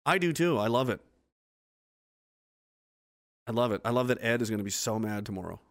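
A man's voice: medium pitch, normal speed, long pauses. A man from East Coast Canada hosting a livestream, reading out chat comments in a blunt, profane, rambling way.

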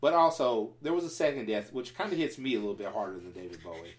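A man's voice: fairly low pitch, animated, fast talker. A man hosting a casual group chat, steering the talk and moving between topics.

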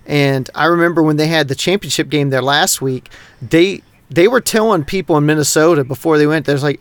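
A man's voice: a little high, fairly quick, dry recording. A middle-aged man from North Texas, a podcast co-host rambling in casual, profane chat. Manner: rambling, heavy swearing, animated.

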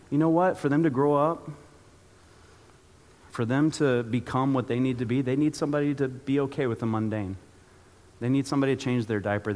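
A man's voice: medium pitch, in a large hall. A man preaching a sermon as pastor, telling a personal story with acted-out asides.

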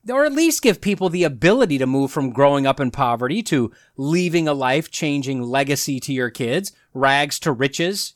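A man's voice: fairly high pitch, dry recording, clean studio sound. A man hosting a solo commentary podcast, talking with sarcastic, mocking asides. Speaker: podcast host.

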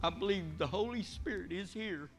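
A man's voice: sits high, moderate pace, a bit bright, soft background music. A middle-aged man preaching a sermon in a church, earnest and emotional, rising and pressing as he is stirred. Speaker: guest preacher. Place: church sanctuary.

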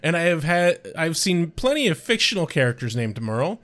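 A man co-hosting a casual podcast that recaps a TV episode. He reacts expressively, with quick laughs and exclamations. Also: on the high side, sing-song, fairly bright tone. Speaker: podcast co-host.

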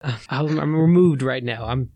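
A man's voice: mid-range voice, moderate pace, darkish tone, no room sound. A man co-hosting a casual podcast, ranting in exasperation with many restarts. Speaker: podcast co-host. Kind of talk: casual movie rant.

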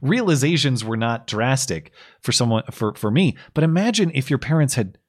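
A man's voice: mid-range voice, lively intonation. A man with a cold co-hosts a casual political podcast. His voice moves up and down a lot as he weighs his points. He hedges with care and laughs easily with his co-host. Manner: measured, hedging, laughs along. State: has a cold.

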